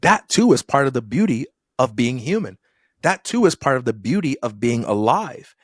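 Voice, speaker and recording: A man's voice: mid-range voice, sing-song, moderate pace, no room sound, studio quality. A middle-aged man, a podcast guest, telling stories and reflecting in a thoughtful conversational way. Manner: thoughtful, acts out quoted people in dialogue.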